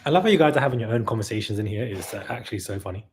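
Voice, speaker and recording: A tired man hosting a long live stream, chatting casually and reading out viewer messages, sometimes loud and sometimes quiet. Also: lowish voice, animated, racing, slight background noise. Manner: chatty, laughing, shifts between loud and quiet. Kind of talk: casual live chat reading super chats.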